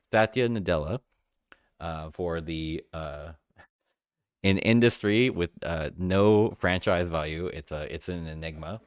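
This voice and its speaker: A man's voice: rumbling low, no room sound, clean studio sound. A man presenting mock awards on a live stream, talking through it off camera with many fillers and restarts, sounding emotional. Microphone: close mic, voice-over without camera.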